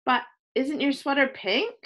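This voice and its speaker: A woman playing a sneaky little schoolboy in a storybook, sly and teasing, his voice lilting up and down with each tease. He speaks fairly high and unhurried. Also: expressive, fairly bright tone. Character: sneaky teasing second-grade boy. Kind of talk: reading a children's book aloud.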